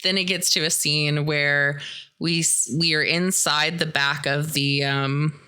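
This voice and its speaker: A woman hosting a podcast, casually recapping a horror film in an animated way and swearing freely. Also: low voice, a little slow, clean tone. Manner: animated, profane retelling. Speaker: podcast host.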